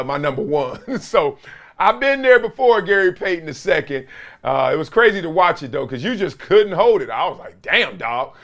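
Animated man telling sports stories. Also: fairly high pitch. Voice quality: voice gets strained easily. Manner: storytelling with playful impressions and frequent laughs. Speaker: host. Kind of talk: animated solo sports commentary.

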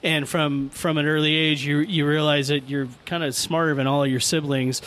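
A middle-aged man hosting a podcast, telling a childhood story in a profane, animated way and laughing as he goes. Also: fairly high pitch, moderate pace, a little hiss or hum. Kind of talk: casual storytelling among friends.

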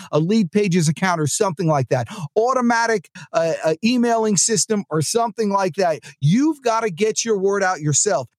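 A man hosting a sales podcast, giving an energetic, joking pep-talk monologue into a close mic. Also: sits high, no room sound.

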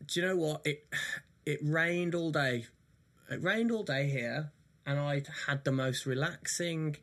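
A man co-hosts a relaxed podcast chat. He teases his partner and keeps asking curious follow-up questions. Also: a little high. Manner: teasing, curious, prods with questions. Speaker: podcast co-host. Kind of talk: casual chat.

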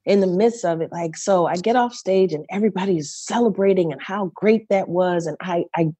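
A middle-aged woman speaks as an interview guest, her voice mellow and a little low. She tells her story with feeling, often circling back, repeating and restarting her phrases. The sound is dry and close. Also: a little fast, husky, dry recording. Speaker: guest performer.

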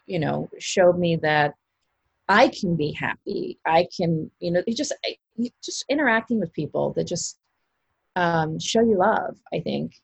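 A woman with a low, gravelly, slightly husky voice talks through an interview in a loose, rambling way, full of fillers and restarts. The sound is dry and close. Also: measured pace, no room sound. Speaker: actress guest. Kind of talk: casual interview chat.

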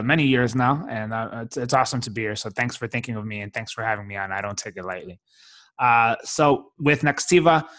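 A man speaking as a podcast guest, explaining things in a friendly, relaxed way. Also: mid-range voice, dry recording. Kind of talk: casual interview talk.

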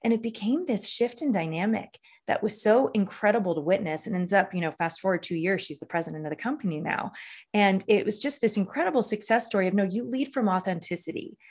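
A woman's voice: mid-range voice, fast talker, darkish tone, slightly rough. A woman leadership coach telling a client story in an earnest, conversational way, often checking in with "right?". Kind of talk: conversational interview.

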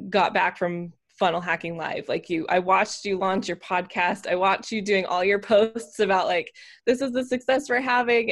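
Measured woman interviewer. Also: mid-range voice. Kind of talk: conversational interview.

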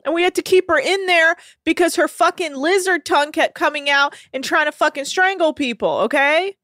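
A woman's voice: sits high, normal speed, fairly bright tone, dry recording, clean studio sound. A woman podcast host recapping a reality show in casual, profane, laughing chat.

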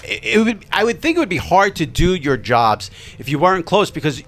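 A man hosting a casual interview, asking quick questions and pushing back on his guests' answers. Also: high voice, very animated, a bit bright. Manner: brisk, pushes back on guests.

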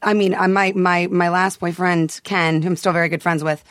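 A man chatting as a podcast guest, telling lively stories and often breaking into laughs. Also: sits high, moderate pace, dry recording, clean studio sound. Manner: chatty, animated storyteller with frequent laughs. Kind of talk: casual chat.

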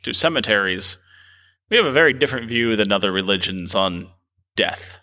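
A man's voice: fairly low pitch, lively intonation, fairly quick, sharp tone. A man co-hosting a podcast, talking casually and hesitantly, with lots of fillers. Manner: hesitant, heavy on fillers like "like" and "you know". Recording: room with long reverb.

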